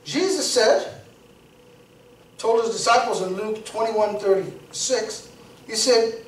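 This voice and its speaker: A man's voice: high-pitched, slow pace, long pauses. A man preaching an informal storytelling sermon in a church, talking conversationally and repeating words as he builds to emphatic peaks. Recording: roomy church sound from a distance.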